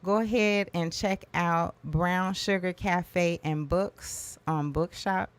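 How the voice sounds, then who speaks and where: A woman's voice: lowish voice, steady tone, takes it slowly, clean tone. A woman co-hosting a live talk show, assertive and upbeat, answering in call-and-response fashion. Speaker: co-host, coach.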